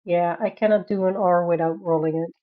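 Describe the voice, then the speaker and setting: A woman's voice: lowish voice, fairly even intonation, a little fast, phone-quality sound. A woman from the Netherlands with a Dutch accent, chatting casually on a coloring live stream, reading chat aloud and laughing often.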